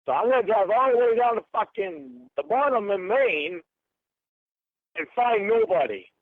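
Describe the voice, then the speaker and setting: Angry man, very high voice, foul-mouthed and accusing, tinny phone-call audio. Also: big pitch swings, normal speed, no echo. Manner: angry, accusing, swears constantly. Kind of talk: heated phone argument. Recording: tinny phone line recording.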